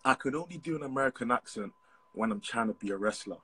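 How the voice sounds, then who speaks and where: A man's voice: mid-range voice, lively intonation, fast, pushed and bright, breathy edge. A man with a British accent calling in to a live stream, chatting in a friendly way and laughing easily. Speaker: caller. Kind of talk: casual live video chat.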